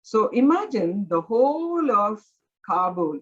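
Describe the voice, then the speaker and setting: A woman leads a Bible study, talking earnestly and conversationally, with many filler words along the way. Her pitch moves a great deal and her voice has a slightly husky edge. The recording sounds dull and lo-fi. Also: big pitch swings, slow.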